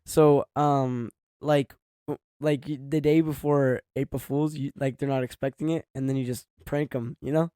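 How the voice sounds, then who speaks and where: A man's voice: medium pitch, steady tone, normal speed, warm tone, smooth, no echo, clean studio sound. A man co-hosting a podcast in casual chat, telling stories in an easygoing, giggly way. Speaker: podcast co-host.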